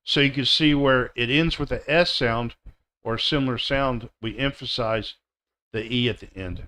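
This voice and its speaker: A man teaching pronunciation in a live online class, drilling words one by one and repeating them slowly and deliberately. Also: medium pitch, pushed and bright. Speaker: English teacher.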